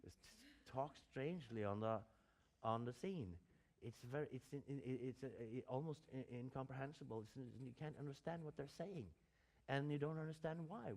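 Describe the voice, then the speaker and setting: A man's voice: mid-range voice, normal speed, a little mellow. A man, an acting teacher giving a lecture, hesitant and full of fillers and restarts.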